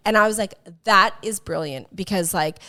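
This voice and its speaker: A woman's voice: medium pitch, moderate pace, sharp tone, dry recording, clean studio sound. A woman co-hosting a podcast in casual chat, rambling with fillers and swearing freely. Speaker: podcast co-host.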